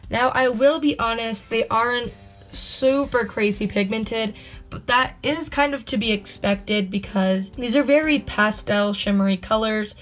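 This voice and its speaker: A woman's voice: fairly high pitch, faint music behind. A young woman chatting casually to camera in a home vlog, upbeat and talkative. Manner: chatty, upbeat, quick asides. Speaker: vlogger. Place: indoors at home.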